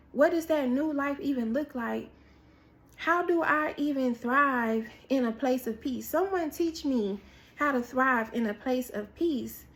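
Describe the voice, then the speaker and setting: A woman preaching a prophetic word in sermon style. She tells an animated story, acts out what people said, and repeats key phrases for emphasis. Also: high voice. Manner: animated storytelling with acted-out quotes, repetition for emphasis.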